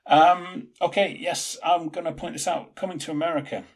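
A man co-hosting a podcast, chatting casually in an animated, rambling way with plenty of fillers. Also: a little high, moderate pace. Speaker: podcast co-host. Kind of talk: casual chat.

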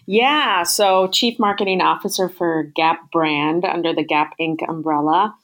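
A woman's voice: fairly low pitch, a little slow, a bit bright. A woman being interviewed as a chief marketing officer, talking in an upbeat, thoughtful way with frequent fillers and restarts. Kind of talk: business interview.

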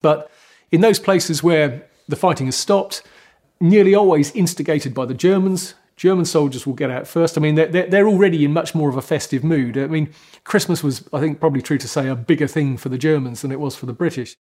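A man's voice: fairly high pitch, fairly quick, a little mellow. A man speaking as a historian in a documentary interview, thoughtful and hedging.

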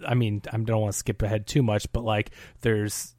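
A man discussing a film casually, rambling and animated as he corrects himself. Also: lowish voice, normal speed, no echo, studio quality.

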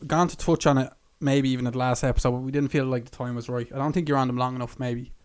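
A man's voice: medium pitch, fairly even intonation, smooth. Chatty young man hosting a podcast. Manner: chatty, quick to joke, leads the questions. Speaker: podcast host. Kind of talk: casual chat.

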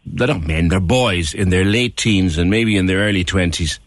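A man's voice: deep voice, moderate pace, no room sound. A man hosting a radio phone-in, talking earnestly and repeating phrases for emphasis. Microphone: studio microphone.

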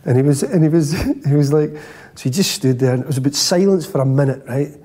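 A man with a warm, slightly dark voice spins a dressing-room yarn. He talks in a lively way and keeps checking in with his listeners. His voice sits a touch above the usual pitch. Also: quick pace. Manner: lively, peppers lines with "right?". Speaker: former footballer. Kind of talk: storytelling anecdote.

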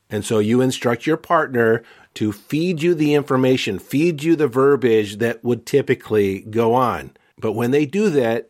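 A man hosting a podcast, giving calm, earnest advice in a measured way. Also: mid-range voice. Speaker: podcast host. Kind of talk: advice talk.

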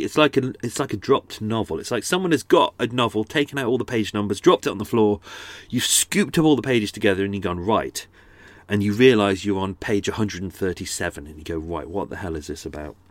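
A lower-pitched man talks into a close microphone, and the sound is dry with no room echo. He rambles casually through his podcast with plenty of asides and restarts. A slightly blocked nose colours his voice. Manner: chatty and meandering, frequent restarts and asides. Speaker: podcast host. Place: on a houseboat. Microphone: studio microphone close up.

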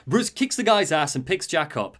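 Animated man recapping a game story. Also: a little high, moderate pace. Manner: animated, jokey, swears. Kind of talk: casual chat, storytelling recap.

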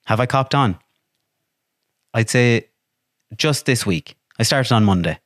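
A man with an Irish accent, a podcast guest telling stories in lively, profane casual chat and acting out what people said. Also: medium pitch, unhurried, dry recording, studio quality. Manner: animated, swears freely, acts out quotes.

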